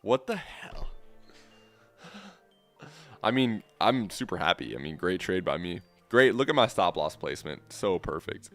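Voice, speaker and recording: A young streamer with a low, fairly bright voice commentates his live futures trades casually. He's very animated at a moderate pace with hardly any pauses, swearing often, calling the audience "bro" constantly, and swinging from bragging to exasperation. Soft music plays in the background.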